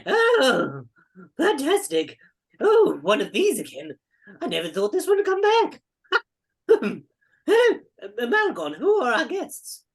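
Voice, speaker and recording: A woman doing an excitable old record keeper. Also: slow pace, husky, exaggerated voice. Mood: delighted. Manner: high excited exclamations.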